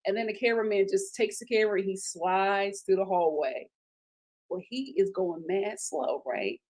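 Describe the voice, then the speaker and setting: A woman hosting a casual reality TV review. She talks in an animated, emphatic way and repeats her lines for effect. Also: medium pitch, normal speed. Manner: retells scenes in quoted voices. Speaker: host of a TV recap channel.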